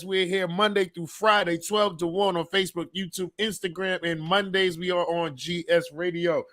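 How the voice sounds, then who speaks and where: Upbeat podcast host with a higher voice. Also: male voice, steady tone, moderate pace, hardly any pauses, a bit bright. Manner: hype, upbeat show opener, friendly questioning. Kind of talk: casual chat.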